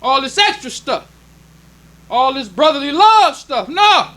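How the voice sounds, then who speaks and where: Guy preaching a sermon, real high voice, bright and punchy, repeats himself a lot, talks plain and casual. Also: sing-song, measured pace. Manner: emphatic preaching with repeated phrases; plainspoken, conversational delivery. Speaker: minister.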